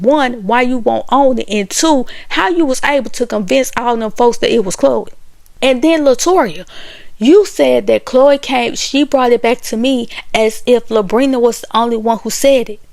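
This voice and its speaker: Exasperated woman, gravelly voice. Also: a little high, dry recording. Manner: animated, exasperated, acts out quoted dialogue. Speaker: reality TV commentator. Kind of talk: casual opinion commentary.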